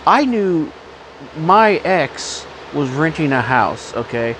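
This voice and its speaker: A man's voice: on the high side, big pitch swings, takes it slowly, background noise. A man with a cough talking in a rambling, blunt, profane casual monologue, often stopping to cough. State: has a cough. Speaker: vlogger.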